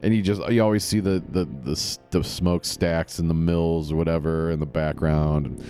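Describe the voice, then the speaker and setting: Rambling, low-voiced podcast host. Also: male voice, fairly even intonation, normal speed, warm tone, clear, resonant tone, faint music behind. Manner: rambling, self-correcting, chuckling. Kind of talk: casual podcast chat.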